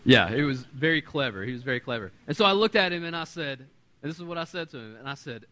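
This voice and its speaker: A man in his thirties preaching a sermon, animated, swinging between loud and quiet and acting out the voices he quotes. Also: medium pitch, fast. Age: 30s. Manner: acts out quoted voices in conversational storytelling. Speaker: pastor.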